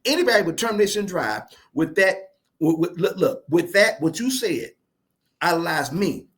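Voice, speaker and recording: A man guest telling stories in a fast, animated, playfully boastful way during a casual interview. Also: sits high. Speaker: guest speaker.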